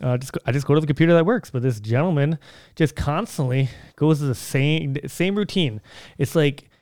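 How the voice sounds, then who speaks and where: A young man musing aloud on his podcast in a loose, meandering way, full of "uh" and restarts. His voice is smooth and resonant, and it sits dry and close to the mic. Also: a little high, brisk, a little mellow, no echo. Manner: rambling, conversational, many fillers and restarts. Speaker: podcast host. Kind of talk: casual solo podcast monologue.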